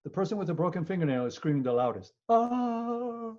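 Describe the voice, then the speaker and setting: Husky, animated male law professor. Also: on the high side, very fast. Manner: animated, joking, repeats words, acts out people. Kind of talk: lively webinar lecture. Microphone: video call. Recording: muffled webinar audio.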